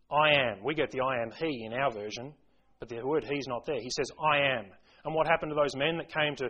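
A man's voice: medium pitch, a bit bright, lo-fi sound. A man preaching a sermon, earnest and building to impassioned emphasis as he quotes scripture.

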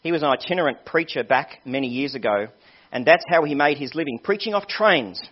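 A man's voice: a little high, expressive, brisk, breathy edge. A male pastor preaching a sermon, telling a story with earnest appeals to his listeners. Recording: dull lo-fi sermon recording.

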